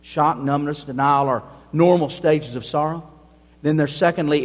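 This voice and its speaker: A man's voice: fairly high pitch, moderate pace, husky. A man preaching a sermon to his congregation, adding emphatic asides. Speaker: pastor. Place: church sanctuary. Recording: dull sound with long hall reverb.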